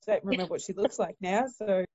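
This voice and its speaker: A woman, a midwife co-hosting a podcast, telling a lively story and quoting people. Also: fairly quick, slightly rough, muffled recording. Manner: animated, quotes people in high voices. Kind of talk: casual storytelling.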